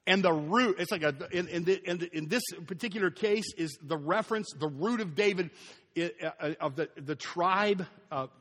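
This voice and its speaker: High-pitched preacher in a reverberant hall. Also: male voice, moderate pace. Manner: animated preaching, acting out scenes and dropping to a near whisper. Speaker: pastor. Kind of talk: sermon. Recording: echoey hall with long reverb.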